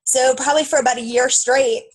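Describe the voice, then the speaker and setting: A woman's voice: high-pitched, fairly even intonation, brisk, poor audio. A woman telling her own story in a casual, emotional way, tearful at times, with lots of fillers and quoted self-talk. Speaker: team member sharing her story.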